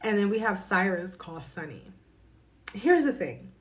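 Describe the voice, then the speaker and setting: A woman chatting casually as she recaps a soap opera, gossipy and animated, full of asides. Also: mid-range voice, unhurried.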